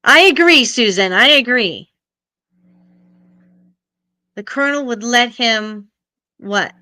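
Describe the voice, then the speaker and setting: Middle-aged woman hosting a live stream, chatty with viewers; bright, crisp voice. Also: on the high side, lively intonation, takes it slowly. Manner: chatty, greets and answers viewers' comments. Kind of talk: casual live stream chat.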